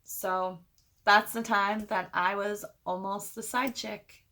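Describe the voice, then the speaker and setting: A woman at a middle pitch, chatting through a personal storytime for her channel. She talks animatedly and slips into quoting the people in the story. It is a casual, direct-to-camera vlog voice. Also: takes it slowly. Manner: animated retelling, quoting others. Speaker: vlogger.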